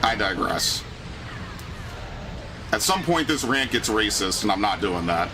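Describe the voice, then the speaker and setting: A man streaming a video game, chatting casually and ranting with lots of swearing, his pitch jumping up when he gets indignant. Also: very animated, unhurried, noisy background. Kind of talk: casual chat while gaming.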